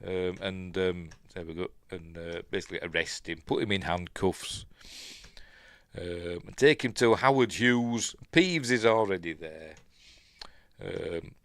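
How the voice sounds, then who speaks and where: In a dry recording, a middle-aged film review host from Yorkshire, England, talks in a low voice at a measured pace. He gives a loose, rambling watch-along commentary in Yorkshire English, full of ums and uhs, with occasional playful mimicry of the characters.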